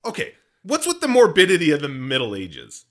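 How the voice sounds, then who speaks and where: A man's voice: on the high side, huge pitch swings, fairly bright tone. A man hosting a podcast, joking and rambling in casual banter. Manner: jokey, rambling, quick voice changes for bits. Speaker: podcast host.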